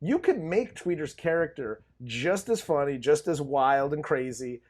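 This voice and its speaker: A man co-hosting a movie review podcast, chatting casually with a lot of ups and downs in his voice. He jokes around and laughs often as he talks, and his pitch sits a little high for a man. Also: a little slow. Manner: laughs often, joking and excitable. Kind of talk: casual chat.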